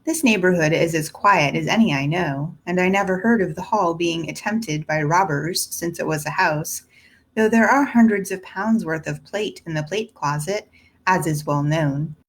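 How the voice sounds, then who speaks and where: Composed middle-aged servant woman, prim and even, read by a woman with a low, husky voice. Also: moderate pace.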